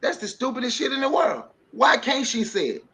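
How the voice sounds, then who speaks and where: A man's voice: very high voice, sing-song, a little fast, vocal fry, pushed and bright, husky. A man on a podcast livestream giving impassioned commentary, preaching with rhetorical questions. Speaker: panelist. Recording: dull lo-fi stream audio.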